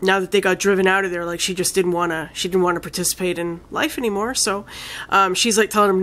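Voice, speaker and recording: A woman giving a casual spoken film review, retelling the plot in a rambling, excitable way with many fillers and some casual swearing. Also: medium pitch, quick pace. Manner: rambling, enthusiastic retelling full of "like" and "you know".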